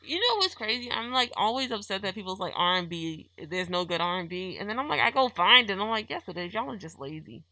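A woman joining a podcast chat, animated and outspoken. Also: medium pitch, fast, few pauses, no room sound, low-quality recording. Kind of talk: casual chat.

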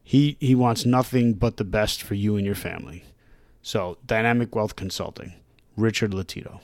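A man's voice: fairly low pitch, normal speed, no room sound. Dry-sounding male podcast co-host. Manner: chatty, reads notes in a flat list-like way. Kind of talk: casual podcast chat, reading out bourbon notes.

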